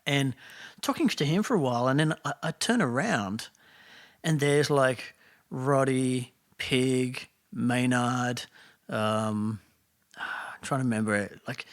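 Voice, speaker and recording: A man's voice: mid-range voice, slow pace. Rambling Australian man telling a story. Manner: rambling, many fillers and restarts. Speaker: podcast guest. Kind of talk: casual storytelling.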